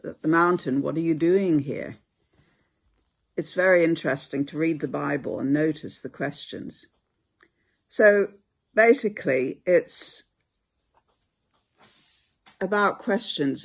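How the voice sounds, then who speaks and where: A Bible teacher giving a reflective devotional video talk, unhurried with many hesitations. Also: medium pitch, gravelly.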